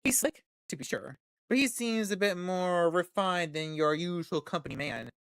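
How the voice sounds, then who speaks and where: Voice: mid-range voice, lively intonation, normal speed, smooth, no room sound, clean studio sound. A gaming streamer reading a visual novel aloud, joking, laughing and swearing at the story.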